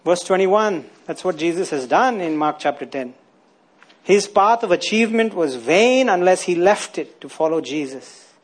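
Husky high-voiced preacher man. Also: lively intonation, normal speed. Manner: rhetorical questions to the congregation, tag questions like "isn't it?". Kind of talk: sermon.

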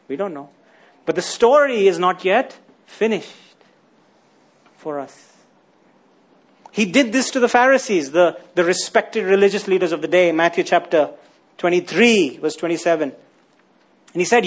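A man's voice: sits high, lively intonation, measured pace, long pauses. A man preaching a sermon, often asking his listeners rhetorical questions and tagging lines with "isn't it?".

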